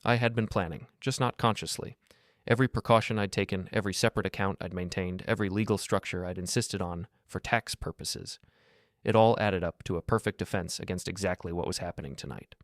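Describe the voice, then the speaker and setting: Deep male narrator, dry booth sound, measured and calm first-person storytelling. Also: no echo.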